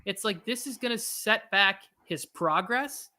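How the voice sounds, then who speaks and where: Man, watch-party co-host, casual rambling game talk, bright forward tone. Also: high voice. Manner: rambling, quick asides, self-mocking. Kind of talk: casual live game commentary.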